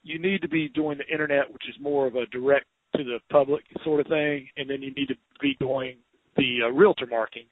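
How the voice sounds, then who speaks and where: A man with a Southern accent hosting a podcast interview, chatty and quick to laugh, with many restarts. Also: mid-range voice, steady tone, no room sound. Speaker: podcast host, home inspector. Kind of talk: casual interview chat. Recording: dry, phone-like narrow sound.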